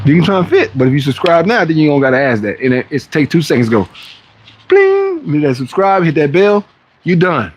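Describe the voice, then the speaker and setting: A man's voice: fairly high pitch, very animated, brisk. A man hosting a fitness livestream, chatting casually with viewers in loose, slangy talk that rambles and restarts. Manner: rambling and chatty, often acting out other people's voices. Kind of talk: casual live-stream chat to viewers.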